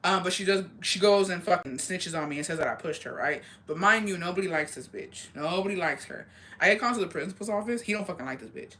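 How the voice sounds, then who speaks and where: A young woman telling a story in casual chat, swearing constantly and talking in an animated way. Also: fairly low pitch, fast talker. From rural area.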